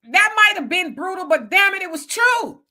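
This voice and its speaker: A woman in her fifties talking casually on a panel, blunt and animated, often acting out quoted voices. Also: very high voice, normal speed. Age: 50s. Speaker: panel guest. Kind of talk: casual chat.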